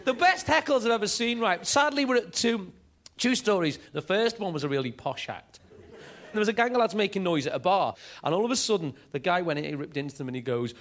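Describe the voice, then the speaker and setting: Animated stand-up comedian. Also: male voice, high-pitched, a little fast, a little hiss or hum. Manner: energetic, animated storytelling.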